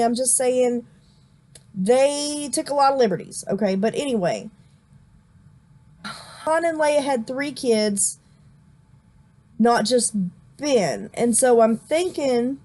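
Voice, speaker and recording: This woman has a fairly high voice and talks like a host leading a relaxed movie chat. She explains her points at length, backing up and restarting as she goes. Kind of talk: casual movie discussion.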